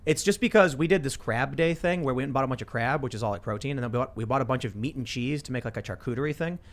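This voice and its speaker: A man's voice: medium pitch, very fast. A man hosting a casual political talk show from a studio, rambling with lots of restarts and repeated words. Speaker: show host. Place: podcast studio.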